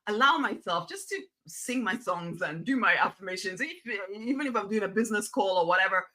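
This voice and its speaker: A woman's voice: medium pitch, animated, a little fast, low-quality recording. A woman giving an emphatic, repetitive motivational talk, coaxing her listeners to loosen up. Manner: emphatic, repetitive, coaxing, swings to soft near-whisper. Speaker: motivational speaker.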